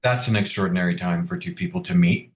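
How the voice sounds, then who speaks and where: A man in his fifties from Long Island, an author speaking on a video call, earnest and reflective, pausing to find his words. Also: deep voice, reverberant. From Long Island, New York. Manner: thoughtful, earnest, halting with fillers. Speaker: author guest. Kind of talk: reflective conversational interview.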